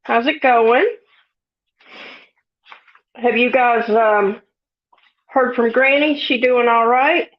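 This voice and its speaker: A woman's voice: a little high, steady tone, takes it slowly, pauses often, lo-fi sound. A woman hosting a casual livestream, greeting chatters in a folksy, giggly drawl and sounding a bit sniffly. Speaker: livestream host. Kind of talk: casual live chat reading comments.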